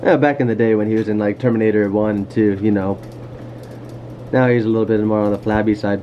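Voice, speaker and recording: A man's voice: on the low side, steady tone, fast, slight background noise. Goofy rambling man, dull lo-fi sound. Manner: goofy, self-deprecating, wanders off topic. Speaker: camera collector vlogger. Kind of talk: casual rambling talk to camera. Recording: dull lo-fi home video sound.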